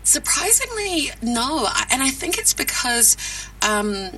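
A woman's voice: high voice, slow pace, breathy edge, far from the mic, low-quality recording. Laughing New Zealand woman voice actress. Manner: animated, laughs often, self-deprecating. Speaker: voice actress guest. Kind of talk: casual interview chat.

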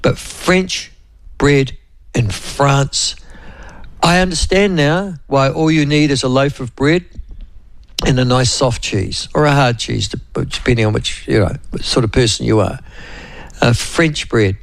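A man's voice: medium pitch, measured pace, creaky, no room sound, poor audio. A man with a New Zealand accent hosting a radio show in a rambling, chatty, digressive way. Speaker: radio host. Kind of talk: casual radio chat.

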